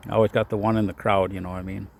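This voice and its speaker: A man's voice: lowish voice, flat delivery, racing, gravelly. A man giving a casual devotional talk outdoors in the cold. His voice is a bit shaky from the cold, and he rambles with lots of fillers. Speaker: faith vlogger.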